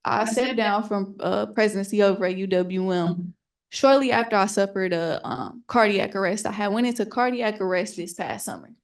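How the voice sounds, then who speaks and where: A woman's voice: medium pitch, normal speed. Earnest young woman telling her story. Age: young adult. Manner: candid, earnest storytelling that acts out remembered dialogue. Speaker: young adult panelist. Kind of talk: personal story at a panel.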